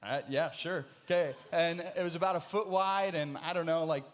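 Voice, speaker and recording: Man, pastor, sermon, earnest, repeats words, hushed to emphatic, fairly high voice. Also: normal speed.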